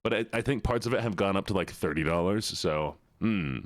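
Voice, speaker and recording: A man streaming games, chatting casually with viewers in a put-on Southern drawl, playful and quick to repeat himself. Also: sits low, dry recording. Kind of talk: casual live-stream chat.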